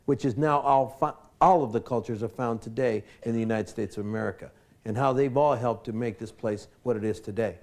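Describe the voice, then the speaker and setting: A man's voice: mid-range voice, brisk, a little mellow. A man with a mid-range voice speaking at a public forum. He builds his points with rhetorical emphasis.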